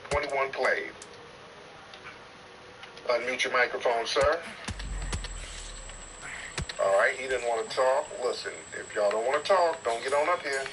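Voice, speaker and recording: A man's voice: medium pitch, a little slow, long pauses. Guy hosting a live voice chat, teasing and roasting, sounds far off with lots of hiss. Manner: teasing, mock-stern, bursts of loud exclamation. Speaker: host of a live audio chat stream. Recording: distant noisy online voice chat.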